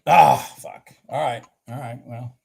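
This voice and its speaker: A man livestreaming his futures trades, with an unhurried, drawn-out delivery. He cheers his positions on, curses when they stall, and rambles candidly about his charts. His voice sits at a middle pitch. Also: gravelly, husky. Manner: excitable, swears at the chart, urges trades on. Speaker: futures trading livestream host. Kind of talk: live trading commentary.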